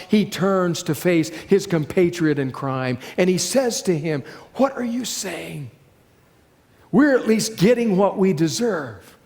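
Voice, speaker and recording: A man preaching with a fairly high voice, building scenes dramatically and then dropping low and slow for weight. His words carry a long reverb that hangs in a large hall. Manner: dramatic, slowing and dropping softly on key phrases. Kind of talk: sermon.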